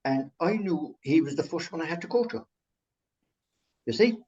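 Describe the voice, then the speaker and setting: Lively Irish-born storytelling man. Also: on the high side, moderate pace, muffled recording. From Ireland. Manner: lively storyteller, laughs often. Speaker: medium sharing a story. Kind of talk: chatty anecdote.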